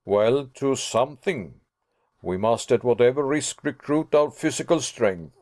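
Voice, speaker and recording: A man's voice: medium pitch, darkish tone, natural voice. A man voicing a composed older professor who speaks firmly and lectures. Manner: firm, lecturing.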